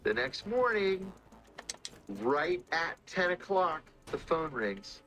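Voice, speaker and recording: A man's voice: a little high, sing-song, a bit bright. Man telling a tense spy story. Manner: measured, dramatic retelling with acted quotes. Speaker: former intelligence officer telling stories. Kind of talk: storytelling interview talk.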